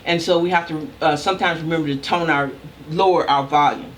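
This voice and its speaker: An older woman, a communication professor, giving a recorded lecture in a loud, emphatic, deliberate way. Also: low-pitched, a little hiss or hum.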